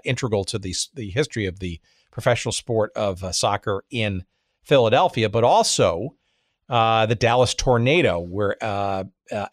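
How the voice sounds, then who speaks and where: A man's voice: lowish voice, no room sound, clean studio sound. A man hosting a podcast, introducing his episode in a chatty, hesitant way full of fillers. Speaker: podcast host.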